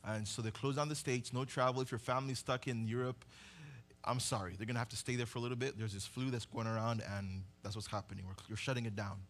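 Bright-voiced pastor telling a story. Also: male voice, mid-range voice, fairly even intonation, fast. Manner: storytelling, acts out voices, builds to impassioned climax. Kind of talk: sermon.

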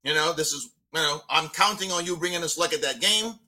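A man co-hosting a sports podcast, joking and animated in casual chat. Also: a little high, a little fast, over a noisy crowd. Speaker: podcast co-host.

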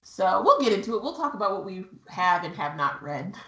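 A woman's voice: medium pitch, big pitch swings, brisk, crowd noise. A young woman co-hosting a podcast in casual chat, laughing and joking at her own expense. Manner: chatty, laughing, self-mocking. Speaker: podcast co-host. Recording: roomy echo.

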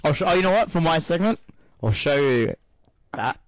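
A man's voice: fairly high pitch, animated, moderate pace, no room sound. A man co-hosting a casual podcast, joking and laughing often while teasing his friends. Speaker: podcast co-host. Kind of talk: casual chat over a call. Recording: dull lo-fi call audio.

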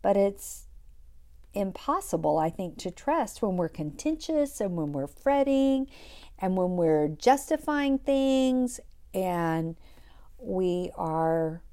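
A middle-aged woman hosting a devotional podcast, talking in a soft, reflective way and dropping to a whisper for scripture. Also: lowish voice, lively intonation, slow pace. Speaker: podcast host.

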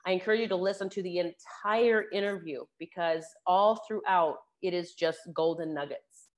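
A woman hosting her own podcast, slightly hoarse from a sore throat, chatting through announcements in a relaxed way with fillers. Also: fairly low pitch, normal speed. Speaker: podcast host.

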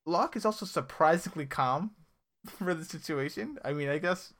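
A man's voice: on the high side, lively intonation, normal speed, a bit bright. A man casually recapping a TV episode on a podcast, rambling and correcting himself as he goes. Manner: rambling, self-correcting, laughs often. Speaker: podcast co-host.

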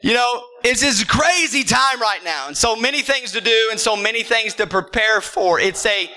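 High, bright-voiced man preaching a sermon. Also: lively intonation, normal speed, poor audio. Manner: emphatic preaching, builds to shouts and drops low; repeats words when starting a thought. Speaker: pastor. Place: church service with congregation.

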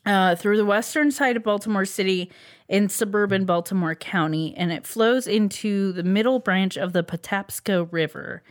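A woman with a mid-range, everyday voice co-hosts a casual chat show. She walks through facts from her notes, filling pauses with um and uh and breaking into laughter easily. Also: mid-range voice. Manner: reads out facts with many ums and uhs, laughs easily. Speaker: podcast co-host presenting a researched topic.

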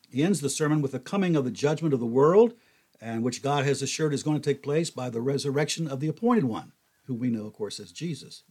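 An older man giving a folksy, conversational Bible teaching, animated when he quotes others. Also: medium pitch, slightly rough.

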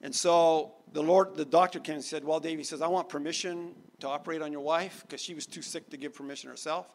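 A man preaching, telling his own story in an animated way, going quiet for the serious parts. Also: a little high, brisk, slight background noise. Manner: animated storyteller, laughs, drops soft for serious moments. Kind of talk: sermon storytelling.

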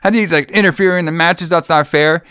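A man doing a jokey impression of a vain, offended male wrestler, pitched well above his own voice. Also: quick pace, pushed and bright, clear, resonant tone, no room sound, clean studio sound. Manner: outraged, whiny.

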